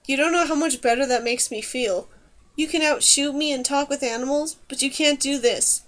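A woman reading an earnest, quick young prince. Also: sits high, a bit bright. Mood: teasing.

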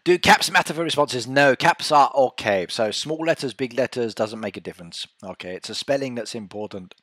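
A man with a slightly bright, mid-range voice hosts a casual live stream at a somewhat quick clip, playfully teasing as he reads the chat aloud. The audio is clean studio sound with no room ambience.

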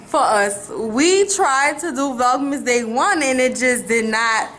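A woman's voice: high voice, animated, slow, a bit bright, soft background music, poor audio. A young woman vlogging at home, chatting upbeat to the camera about her plans. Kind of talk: casual chat to camera. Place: at home, indoors. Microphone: handheld camera.

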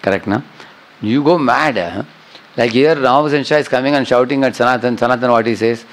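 A man's voice: medium pitch, a little fast, low-quality recording. A middle-aged man teaching a scripture class, often checking with listeners by asking "huh?" and "correct, no?". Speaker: spiritual teacher.

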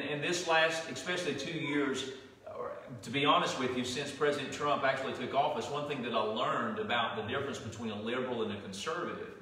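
A man's voice: mid-range voice, pushed and bright. A man with a Southern US accent preaching a sermon as pastor, folksy and conversational, often restarting his sentences. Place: church sanctuary. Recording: echoey hall from far off.

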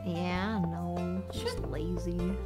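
Slow-drawling Southern woman gamer. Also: fairly low pitch, fairly even intonation, music in the background. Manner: drawling, slow, flirty joking. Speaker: guest streamer. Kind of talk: casual gaming chat.

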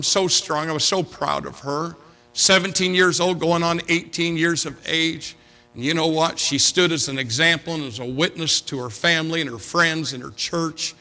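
A man pastor telling a story in a sermon, swinging from loud to hushed. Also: fairly high pitch. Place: church sanctuary.

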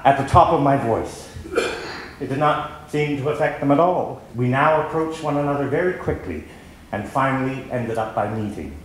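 A man giving a dramatic reading of diary passages, acting out the shouts as he reads. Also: mid-range voice, moderate pace. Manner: expressive, acts out the shouts. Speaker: reader of diary excerpts. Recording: echoey hall with faint noise.

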